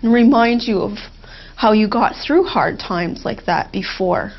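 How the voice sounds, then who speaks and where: A woman as a therapy client, speaking in a heartfelt, halting way with emotional pauses, on a dull lo-fi recording. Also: mid-range voice. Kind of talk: emotional therapy role-play.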